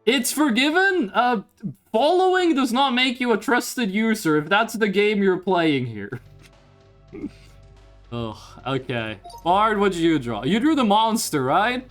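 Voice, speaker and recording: A man streaming live, chatting casually with viewers, hyped and swearing, reading chat aloud in a voice he pitches higher on stream. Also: sing-song, a little slow, fairly bright tone, soft background music.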